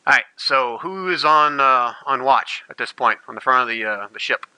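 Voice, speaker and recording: A man's voice: mid-range voice, moderate pace, bright, forceful tone, clean tone, no room sound, rough recording. A man narrating a tabletop game as game master, rambling and playful, often restarting his sentences.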